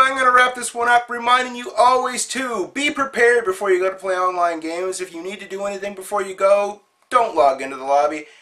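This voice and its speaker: A man with a high, bright, forceful voice hosts his own show. He tells a funny story in a chatty, amused way, a casual storytelling monologue.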